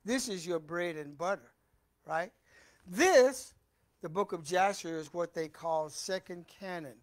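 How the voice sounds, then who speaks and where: A man with a high voice leads a Bible study in a church. He reads scripture slowly and with emphasis, then breaks off to talk loosely and ask the room questions. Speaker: preacher. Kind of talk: Bible teaching sermon. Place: church hall.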